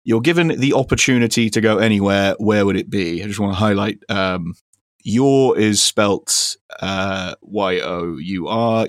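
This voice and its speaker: A man's voice: lowish voice, no echo. A man hosting a podcast, chatting casually in a dry, teasing way with lots of fillers. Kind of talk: casual chat.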